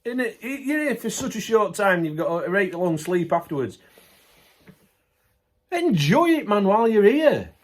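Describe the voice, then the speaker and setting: A man's voice: high voice, very animated, moderate pace. A middle-aged man, chatting casually to camera, ranting bluntly, then laughing it off with good humour. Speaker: vlogger.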